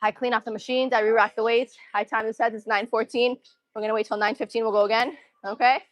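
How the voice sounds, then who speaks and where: A woman's voice: on the high side, fairly even intonation, quick pace, dry recording. A young woman live-streaming her gym workout, a little out of breath, chatting casually and counting reps and form cues between sets. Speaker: fitness streamer.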